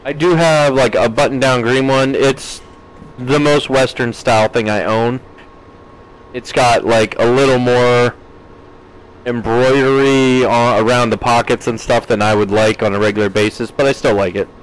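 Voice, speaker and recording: A man with a medium-pitched voice and fairly even intonation talks at normal speed while streaming a farming game. He casually reads out his audience's chat comments and responds, laughing often. The recording is rough.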